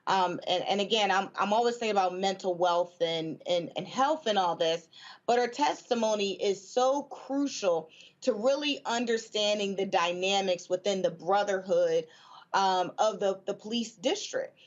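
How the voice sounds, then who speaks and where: A woman guest on a news talk panel who speaks haltingly with many fillers and restarts, with feeling. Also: medium pitch, highs cut off. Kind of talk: news talk show discussion.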